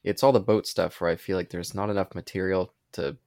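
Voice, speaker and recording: Man, lowish voice, dry close sound, enthusiastic trivia explainer, casual commentary. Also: fairly even intonation, a little fast, darkish tone, dry recording. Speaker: podcast co-host.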